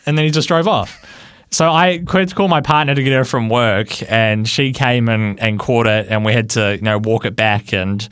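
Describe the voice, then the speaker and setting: A New man tells a story on air in a radio studio, laughing often and tripping over his own restarts. His voice sits in a middle pitch, and the sound is close and dry. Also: steady tone, brisk, a bit bright, smooth, no echo. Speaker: radio producer.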